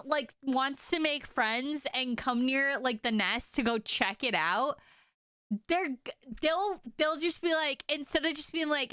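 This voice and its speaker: Excitable high-voiced woman streamer. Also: dry recording, clean studio sound. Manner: excitable, swearing, exclamatory. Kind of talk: casual livestream reaction.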